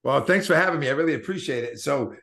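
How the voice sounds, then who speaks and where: A man's voice: on the high side, expressive, fast, bright, forceful tone. A man in his fifties with a Boston accent, a guest telling his story in a casual interview in an earnest, motivational way, often restarting his sentences. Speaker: network marketing guest.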